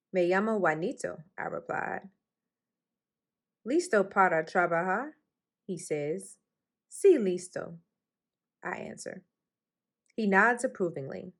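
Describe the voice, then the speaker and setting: During storytime, a woman reads a children's picture book aloud, raising her voice expressively whenever the characters speak. Her voice sits on the low side and has a creaky quality.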